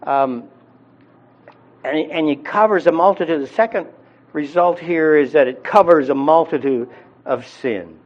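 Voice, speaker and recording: A man's voice: on the high side, a little slow, lo-fi sound. A man preaching a sermon in a conversational teaching style, with frequent fillers and restarts. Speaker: pastor.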